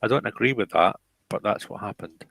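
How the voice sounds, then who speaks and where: Middle-aged man, gravelly voice, lowish pitch, rambling casual chat, dry close sound. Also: fairly bright tone, no echo, rough recording. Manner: rambling, halting, many restarts.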